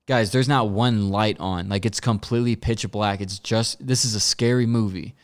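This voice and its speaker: A podcast host with a lowish voice tells stories casually and ramblingly, full of fillers and voiced quotes. His intonation stays fairly even, and he keeps a moderate pace with few pauses.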